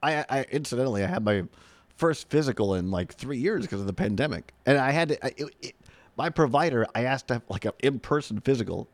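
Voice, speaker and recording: A man's voice: mid-range voice, expressive, fast. A middle-aged man from Wisconsin hosting a radio show, chatting casually, laughing often and rambling with restarts.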